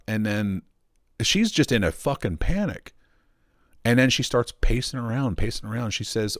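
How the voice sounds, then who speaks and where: A man's voice: mid-range voice, expressive, normal speed, no echo, studio quality. A man ranting and telling a story at home in a casual, profane, rambling way. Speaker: streamer.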